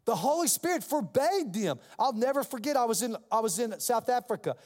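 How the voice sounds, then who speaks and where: A man preaching as a pastor, telling a story in an animated way and acting out the other people's voices. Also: very high voice, fairly quick, in a large hall. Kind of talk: sermon storytelling.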